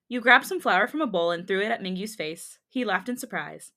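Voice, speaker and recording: A woman's voice: medium pitch, animated, fairly quick, pushed and bright. A young woman co-hosting a podcast, reading fanfiction aloud with jokey asides and frequent laughter. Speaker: podcast co-host.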